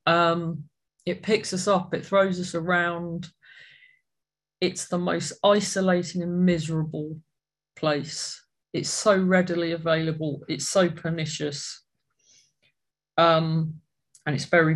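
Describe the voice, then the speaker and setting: An adult speaks at a support meeting about their personal road to recovery. Their medium-pitched voice is earnest and reflective, with halting stops and restarts.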